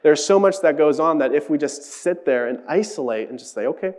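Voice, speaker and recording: A man's voice: a little high, lively intonation, brisk, a little mellow. A young man giving a casual, earnest sermon, acting out the voices of the people he quotes. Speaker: preacher.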